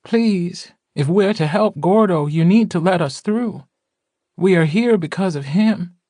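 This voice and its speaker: A shrill, high-pitched witch woman, as a male narrator puts her on, pleading with urgency in a dry, close recording. She talks slowly and leans on every word. The voice climbs far above the narrator's own. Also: dark tone, dry recording.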